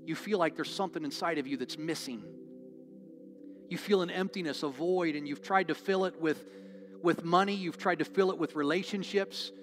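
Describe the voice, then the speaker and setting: A pastor with a slightly high voice gives an earnest altar-call sermon, his appeals repetitive and pleading. Soft music plays under him in the church. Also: moderate pace. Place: church sanctuary.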